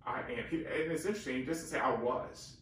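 In an echoey room, picked up from a distance by a camera mic with faint hiss, a man co-hosts a conversational Bible teaching. His voice is medium-pitched and a bit bright, and he talks a little fast. He comes across as earnest and emphatic, often restarting.

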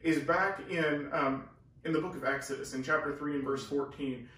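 A man's voice: on the high side, fairly even intonation, normal speed, fairly bright tone, a little hiss or hum. A man teaching the Bible in a casual, earnest way, explaining and leaning hard on key words. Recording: very echoey room, far from the mic.

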